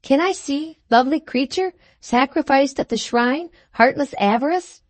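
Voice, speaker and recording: A woman voicing a brash, scheming male gentleman who speaks in clipped, staccato phrases. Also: high voice, moderate pace, no echo, pitched above the performer's own voice, lightly acted. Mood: theatrical.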